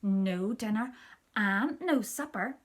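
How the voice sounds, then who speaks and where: A woman voicing a kind aunt in a children's storybook reading, with bright, emphatic delivery. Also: mid-range voice, expressive, slow pace. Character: kind, cheerful grown-up aunt.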